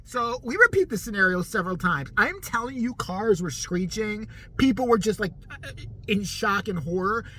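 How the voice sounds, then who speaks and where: A middle-aged man telling a story casually to the camera, animated and profane, laughing often as he goes. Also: high voice, moderate pace. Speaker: vlogger.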